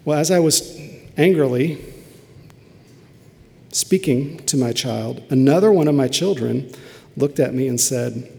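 A man's voice: mid-range voice, measured pace, creaky, long pauses, mellow. A middle-aged man preaching a sermon as a pastor, telling an earnest, confessional story from his own family life. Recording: long hall reverb.

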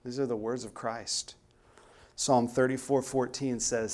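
An earnest man preaching a sermon at an ordinary middle pitch. He leans hard on the words he wants to land and pushes the point home. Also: little pitch movement, unhurried, darkish tone. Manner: earnest, emphatic, rising to stress key words.

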